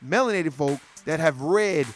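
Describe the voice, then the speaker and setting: Heated high-voiced man ranting. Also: animated, moderate pace, soft background music. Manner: profane, heated, repetitive, street slang. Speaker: commentator. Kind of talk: political rant monologue.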